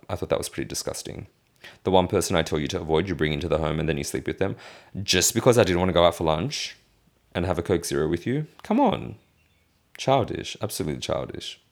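A man's voice: extremely low pitch, vocal fry. A man in his thirties venting in a casual vlog rant, indignant and swearing freely. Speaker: vlogger.

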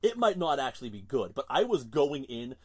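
A man's voice: mid-range voice, big pitch swings, fairly quick, slightly rough. A man co-hosting a casual podcast, ranting in an exasperated, emphatic way. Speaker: podcast co-host.

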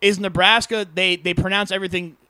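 A man chatting casually in a rapid, slangy way, swearing freely. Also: high voice, steady tone, pushed and bright, clear, resonant tone, no echo. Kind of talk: casual chat.

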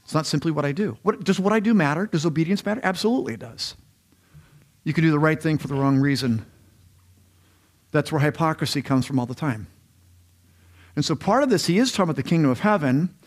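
A male pastor gives a sermon in a church in a fairly high voice. He talks in a conversational, rambling way and often restarts his sentences. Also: expressive, fast, long pauses. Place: church sanctuary.

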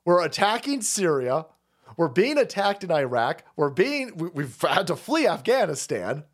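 A man's voice: on the high side, very animated, a little slow. A man in his forties ranting sarcastically on a political livestream, profane and mocking. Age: 40s.

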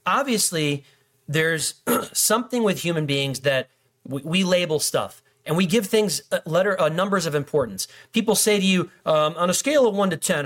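With a fairly high-pitched, slightly bright voice, a middle-aged pastor preaches casually. His conversational sermon includes jokes and small acted-out exchanges between people.

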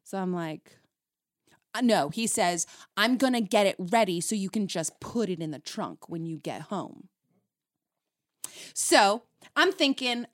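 A woman on a relationship podcast, telling a personal story in a lively way and acting out both sides of an argument. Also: mid-range voice, a little slow, no echo, studio quality. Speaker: podcast co-host. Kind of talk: casual chat about relationships.

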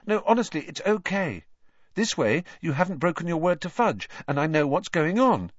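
A man's voice: a little high, big pitch swings, moderate pace, no echo, muffled recording, voice pushed up. A man voicing an earnest teenage boy wizard in a raised, reassuring manner.

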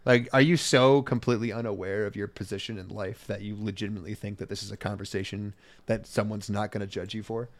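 A man's voice: fairly low pitch, steady tone, fast talker. Sarcastic, swearing man ranting. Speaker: podcast co-host. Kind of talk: casual chat.

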